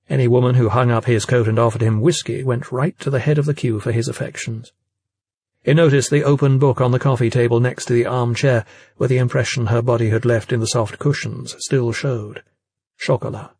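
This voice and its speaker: A man reading a novel aloud as a narrator, in a steady, even storytelling manner. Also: mid-range voice, breathy edge, no echo. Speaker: audiobook narrator. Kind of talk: scripted narration.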